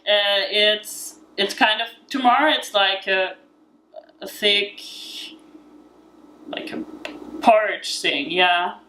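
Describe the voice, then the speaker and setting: This home cook, a woman with an Austrian accent, walks through a recipe chattily, with plenty of fillers and laughs. Her mid-range voice sounds pushed and bright, and the audio quality is poor.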